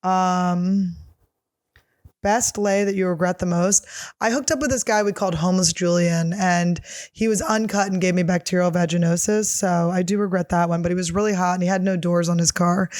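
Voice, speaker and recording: Woman comic rambling through fan questions, crude and self-mocking, lowish voice, dry close mic. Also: steady tone, moderate pace, a little mellow, dry recording. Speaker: comedian answering listener questions. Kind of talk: casual solo chat.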